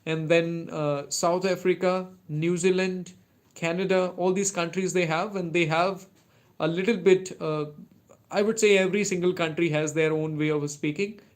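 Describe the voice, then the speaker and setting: A man's voice: high voice, steady tone, normal speed. A young man with an Indian English accent, hosting a casual live stream and answering viewers with many fillers and restarts. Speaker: English-learning livestream host.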